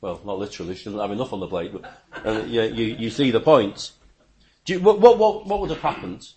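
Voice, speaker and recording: Guy preaching, emphatic, stumbles and restarts, voice jumps up loud then drops. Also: lively intonation, fairly quick, slight background noise. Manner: emphatic, stammering restarts, sudden rises in pitch and volume. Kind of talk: sermon.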